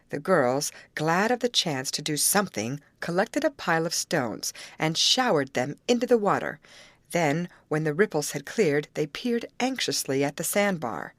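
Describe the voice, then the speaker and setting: Woman reading an audiobook, low voice, super lively delivery, dry close sound. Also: moderate pace, no room sound. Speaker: audiobook reader. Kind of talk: scripted narration.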